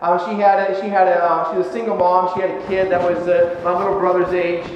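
A male pastor telling a story in a sermon, conversational and animated, with many fillers and restarts. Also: high-pitched, fast. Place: church sanctuary. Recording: echoey church hall, dull sound, faint noise.

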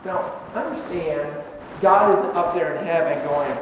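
A man's voice: sits high, a little slow, slight background noise. Preaching man in a roomy, echoing hall. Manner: animated, sarcastic, with sudden loud and quiet swings. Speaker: pastor. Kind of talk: sermon. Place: church sanctuary. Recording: echoey hall recording from far off, dull sound.

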